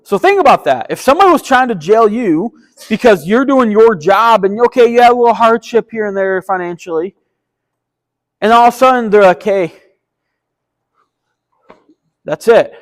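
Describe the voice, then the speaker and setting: A man's voice: sits high, animated, fairly quick, low-quality recording. A man preaching a casual sermon, retelling a story in a chatty, enthusiastic and slangy way. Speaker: pastor.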